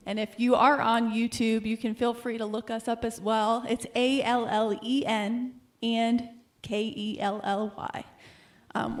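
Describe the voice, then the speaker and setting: Female singer guest, friendly, unhurried intro, higher voice. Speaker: musician guest. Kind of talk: casual introduction.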